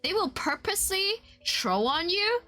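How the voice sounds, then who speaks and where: A woman streamer chatting casually while she draws, telling a story in an animated way with frequent laughter. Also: very high voice, measured pace, faint music behind. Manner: animated storytelling, laughs often, voices quotes.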